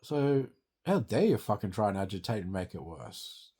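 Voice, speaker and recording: A man's voice: fairly low pitch, sing-song, normal speed, warm tone, husky. Sweary Australian man venting. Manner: sweary, rambling, agitated. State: grieving, distressed. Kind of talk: angry venting monologue.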